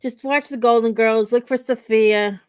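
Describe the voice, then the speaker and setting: A woman's voice: fairly high pitch, fairly even intonation, moderate pace, smooth, dry recording. A woman from New Jersey hosting a podcast, chatting casually with dry sarcasm and lots of fillers. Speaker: podcast host. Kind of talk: casual chat.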